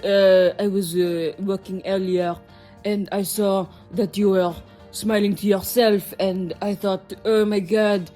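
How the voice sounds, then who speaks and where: A woman putting on a halting, flirty French man. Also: medium pitch, little pitch movement, mellow, soft background music, natural voice. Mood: smooth flirting. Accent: put-on French. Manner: hesitant, halting with "uh" fillers.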